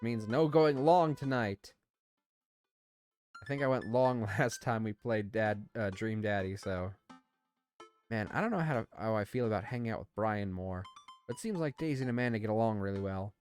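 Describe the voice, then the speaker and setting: A man's voice: lowish voice, animated, normal speed, a little mellow, faint music behind. A man playing a dating game, casually commenting and reading the lines aloud in a playful, jokey way. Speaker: let's play host.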